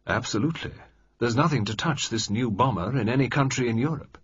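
A man doing a dry, deliberate old minister. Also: medium pitch, breathy edge, no echo, close to an everyday voice. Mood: dry amused. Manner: dry, measured and decisive. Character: shrewd, assured older male government minister. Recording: slightly muffled dry recording.

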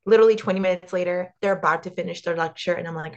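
A woman's voice: fairly low pitch, very fast, darkish tone, lo-fi sound. A young woman from the US, co-hosting a podcast in casual chat, blunt and sarcastic and swearing freely. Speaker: podcast co-host.

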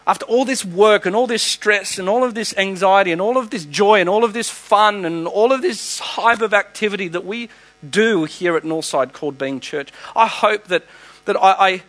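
A man's voice: high voice, normal speed, a bit bright, poor audio. An Australian man preaching a sermon as pastor, emphatic, with repeated phrases and restarts.

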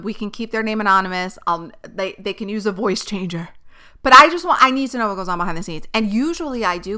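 A young woman rants straight to camera in a casual commentary vlog, blunt and exasperated, swearing freely. Her voice is bright and forceful, with a smooth, crisp clarity. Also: medium pitch. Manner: blunt, profane, exasperated ranting. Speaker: influencer commentator.

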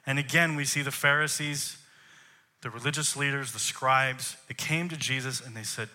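A man's voice: medium pitch, a little fast, pushed and bright. A man, a worship leader, preaching a sermon in an emphatic way, posing rhetorical questions to the congregation.

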